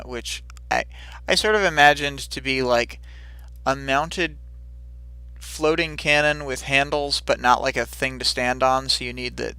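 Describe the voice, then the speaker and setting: Man, bright voice, rambling livestream recap, lots of ums, quick silly character voices. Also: mid-range voice, smooth, no echo. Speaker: livestream co-host recapping chapters. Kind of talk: casual recap of a fight scene.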